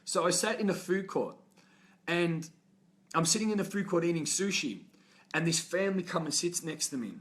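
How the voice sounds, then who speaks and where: A man's voice: on the high side, expressive, moderate pace, fairly bright tone. A man giving a fervent, profane motivational talk on a live stream from a hotel room. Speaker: motivational coach. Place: hotel, indoors.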